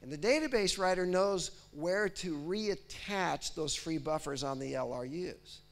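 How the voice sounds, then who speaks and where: Speaking in a higher register at a measured pace with some vocal fry, an animated technical presenter lectures at a conference. He voices a computer process as if he were it, regularly asking "right?" and "okay?"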